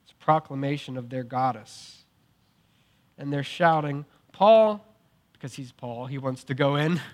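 A young adult man preaching a sermon, telling the story in a casual, animated way with filler words and acted-out quotes. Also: mid-range voice, unhurried. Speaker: pastor.

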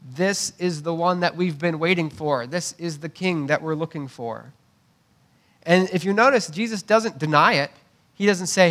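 A man's voice: on the high side, moderate pace, a bit bright. A man preaching a conversational sermon, often repeating words as he restarts and checking in with "right?". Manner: conversational preaching with asides and tag questions. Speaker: pastor.

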